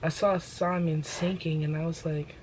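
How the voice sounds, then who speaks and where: A woman's voice: low-pitched, steady tone, normal speed, darkish tone, a little hiss or hum, poor audio. A young woman host, talking about her faith in an emphatic, preachy way and repeating her phrases. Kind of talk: casual faith talk.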